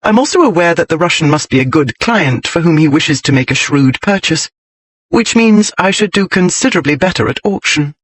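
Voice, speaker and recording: A man voicing a sharp-witted young English lady who stays cool and speaks in a crisp, arch, precise way, in an audiobook reading. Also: on the high side, animated, fairly quick, no echo, pitched above the performer's own voice.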